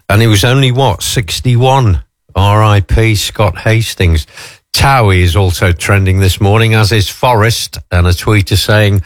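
A man's voice: on the low side, measured pace, dry recording, clean studio sound. A man hosting a breakfast radio show, chatting casually and musing aloud through the day's talking points. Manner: chatty, muses aloud and answers his own questions. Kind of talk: morning radio chat.

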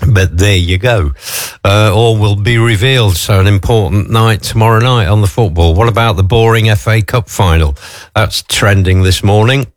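Chatty radio host, low voice. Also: male voice, normal speed, no echo, clean studio sound. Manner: chatty, muses aloud and answers his own questions. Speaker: radio breakfast show host. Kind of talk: morning radio chat.

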